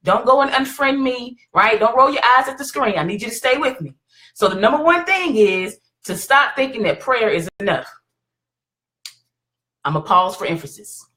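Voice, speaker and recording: A woman's voice: a little high, lively intonation, moderate pace, a bit bright. A woman hosting a live stream and giving motivational advice, encouraging and checking in with her viewers as she talks. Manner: encouraging, keeps checking in with "right?".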